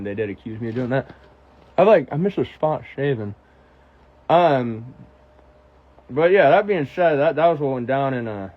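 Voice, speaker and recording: A young American man on a casual livestream, reading out fan questions and telling stories in a profane, animated way. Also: mid-range voice, dull audio. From United States. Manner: profane, animated storytelling, answering chat questions. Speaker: musician on a livestream.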